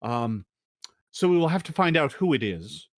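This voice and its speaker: A man voicing a female deep gnome guide, prickly, hesitant, dry close sound. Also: sing-song, moderate pace, dry recording. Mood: matter-of-fact. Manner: hesitant, full of ums and restarts.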